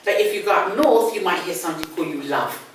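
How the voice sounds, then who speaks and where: Teaching English one-on-one, an older London-accented woman speaks fast with lively intonation in a lowish voice. She explains patiently and keeps repeating the key words. It's recorded in an echoey room from a distant mic, with a little background noise.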